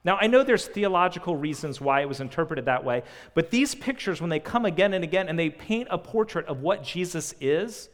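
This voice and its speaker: A man preaching a sermon, earnest and full of rhetorical questions, swinging between loud emphasis and quiet. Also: a little high, lively intonation, brisk, few pauses. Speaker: pastor. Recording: long reverb of a large hall.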